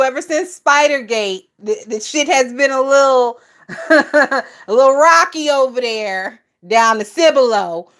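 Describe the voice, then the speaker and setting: A woman hosting a casual gossip livestream, reading viewer comments and laughing often. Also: high voice. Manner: laughs often, loud and amused.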